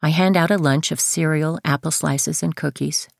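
Low, gravelly woman narrating a memoir. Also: normal speed, dry recording, clean studio sound. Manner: steady, first-person storytelling. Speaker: audiobook narrator and author.

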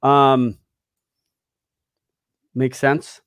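A man's voice: medium pitch, drawn-out words, smooth, no room sound, studio quality. A man hosting a podcast, chatting casually about dog training and getting worked up as he acts out what the dog is thinking. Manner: animated, gets worked up, acts out the dog's thoughts.

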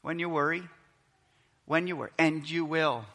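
A man preaching a sermon in a church, animated and acting out scenes from the Bible. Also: a little high, normal speed, big-room sound. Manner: animated, acts out Bible scenes in quoted voices. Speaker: pastor.

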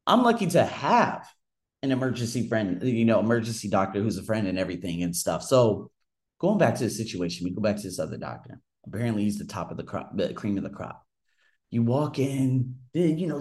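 A man in the middle of an angry, profanity-laced rant, telling his story straight to the listener. His voice sits at an average pitch. His sentences break off and restart as his frustration boils over. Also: sing-song, a little fast. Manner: heated, profane ranting with frequent restarts. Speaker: vlogger telling a personal story. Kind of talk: casual unscripted monologue.

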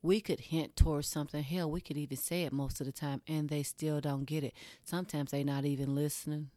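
Low-voiced woman talking bluntly. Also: level tone, fairly quick, mellow, no room sound. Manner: blunt, candid, swears freely; speaks straight to the audience. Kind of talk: casual monologue to camera.

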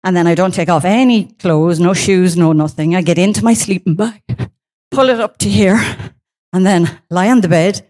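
Female presenter with a lowish voice, animated storyteller who plays out her own reactions. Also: moderate pace. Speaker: speaker giving a presentation. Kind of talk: personal story told on stage.

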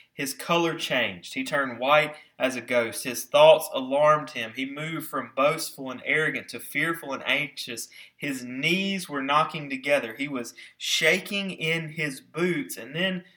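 A man preaching a sermon with emphasis, slowing down to stress key words and putting rhetorical questions to his listeners. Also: a little high, sharp tone. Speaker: pastor.

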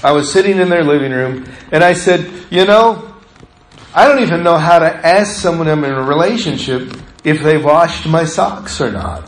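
A man's voice: fairly high pitch, echoey room, low-quality recording. A middle-aged male pastor preaching a sermon, telling stories in a conversational way and acting out the voices of the people he quotes. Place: church sanctuary.

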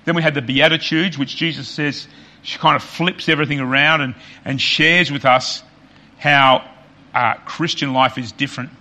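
A man preaching a sermon as pastor, earnest and repetitive for emphasis, often dropping quiet on key points. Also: mid-range voice, steady tone, normal speed.

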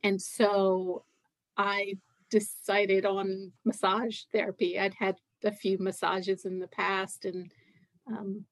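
A middle-aged woman who grew up in Scotland but now speaks with an American accent, answering interview questions in a relaxed, halting way. She restarts sentences and fills pauses often. Her voice sits at an ordinary pitch and the recording is dry, with little room sound. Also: dry recording. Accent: American with Scottish roots. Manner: hesitant, many fillers and restarts. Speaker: guest, writer and massage therapist. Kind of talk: casual interview chat.

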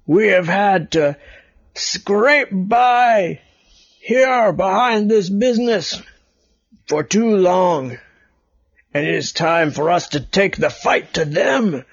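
A man's voice: high voice, lively intonation, takes it slowly, no echo, highs cut off, pitched above the performer's own voice, full character voice. A father voicing a large male rat leader who gives a rousing speech to a crowd of rats in a bedtime story. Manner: proclaiming, speech-making.

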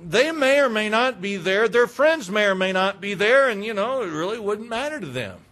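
A man's voice: high voice, big pitch swings, normal speed, fairly bright tone. A man, a pastor, preaching a sermon in a conversational way, asking rhetorical questions and mimicking indifferent churchgoers.

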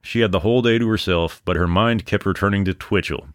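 Man, very low voice, dry close sound, sarcastic swearing true-crime narration. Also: quick pace, no echo. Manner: sarcastic, profane asides. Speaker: podcast host. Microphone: microphone on a stand.

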